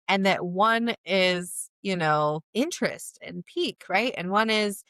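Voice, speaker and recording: A woman co-hosting a podcast in casual chat, animated and thoughtful, getting loud when she gets excited. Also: fairly low pitch, unhurried, few pauses, no echo. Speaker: podcast co-host.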